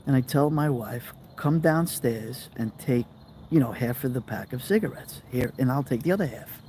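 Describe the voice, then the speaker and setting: A man's voice: medium pitch, lively intonation, normal speed, dark tone, slight background noise. A middle-aged man, hosting a casual live chat and telling rambling stories that act out the people he quotes while answering viewer comments. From New York. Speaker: live-stream host.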